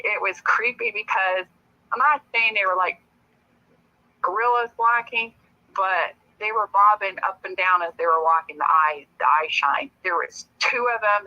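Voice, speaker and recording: Woman telling a story over dull call audio. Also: mid-range voice. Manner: lively, laughs often while telling a story. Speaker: guest. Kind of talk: casual storytelling.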